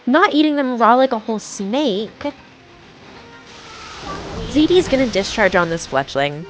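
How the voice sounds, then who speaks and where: A woman's voice: a little high, sing-song, moderate pace, pauses often, soft background music. A young woman streaming a game live, chatting casually and reading viewer messages aloud with frequent giggles. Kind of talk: casual live-stream chat while gaming.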